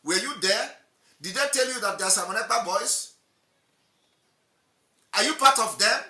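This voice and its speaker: Fiery, high, bright-voiced man in an echoey room. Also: animated, normal speed. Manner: combative, repetitive rhetorical questions. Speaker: political commentator. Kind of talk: impassioned political monologue.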